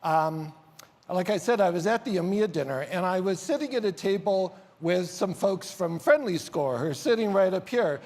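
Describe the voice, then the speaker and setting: A man emceeing a large conference on stage, telling an animated story with big swings in loudness. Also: high voice, normal speed. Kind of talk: onstage conference speech. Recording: reverberant hall sound.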